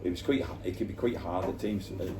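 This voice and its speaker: An older Scottish man, a former footballer, telling animated stories in an interview and acting out the voices of people he quotes. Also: sits low, fast. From Scotland. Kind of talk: storytelling interview in a bar. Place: bar. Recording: distant mic, noisy bar.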